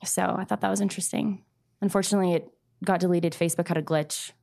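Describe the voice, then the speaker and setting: A woman in her thirties, a guest, telling a painful personal story in a halting, soft-spoken way with many pauses. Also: fairly low pitch, steady tone, creaky. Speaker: grieving mother guest.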